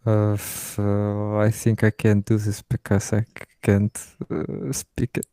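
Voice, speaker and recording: Man, Russian accent, non-native English; hesitant and halting, mellow gravelly tone, dry recording. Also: fairly low pitch, monotone, no room sound. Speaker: mentee. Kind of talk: casual chat.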